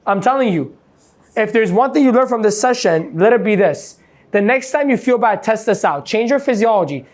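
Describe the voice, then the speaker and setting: A man giving an energetic motivational seminar talk, quizzing a live audience with "yes or no?" and playing out examples. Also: high voice, moderate pace. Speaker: motivational coach.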